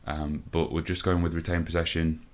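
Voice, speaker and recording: A man with a low voice and level tone talks a little fast while commentating on his own football management game. He's a gaming video host doing let's play commentary, frustrated, swearing, and thinking out loud.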